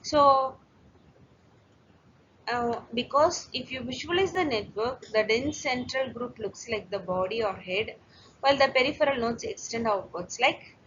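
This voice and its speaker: A woman's voice: fairly high pitch, a bit bright. A woman giving a recorded lecture, explaining step by step with occasional fillers and restarts. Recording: dull lo-fi lecture recording with faint hiss.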